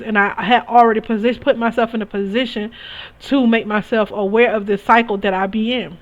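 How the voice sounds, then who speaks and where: A young woman talks straight to her listeners in a candid, emphatic voice, often breaking off and restarting her sentences. Her voice sits a little high. The recording is muffled and lo-fi. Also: steady tone, a little fast. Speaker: spiritual reader sharing experiences. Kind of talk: casual personal storytelling. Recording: dull lo-fi recording.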